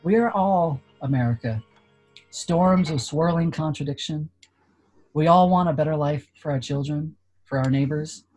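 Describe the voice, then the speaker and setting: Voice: mid-range voice, moderate pace, darkish tone, faint music behind. A reader giving an earnest, declamatory dramatic reading during a worship service.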